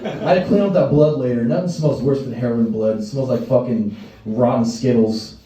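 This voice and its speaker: This young comedian's voice is mid-range and dark-toned, and he talks a little fast. Performing stand-up before a live audience, he tells crude, profane tales and voices the people in them. The stage sound is distant and roomy, with slight background noise.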